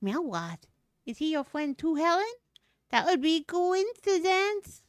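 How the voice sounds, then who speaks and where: A woman's voice: very high voice, very animated, unhurried, no echo, studio quality, pitched above the performer's own voice, exaggerated voice. A woman voicing a bubbly little monster that mangles words playfully, reading game dialogue. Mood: curious.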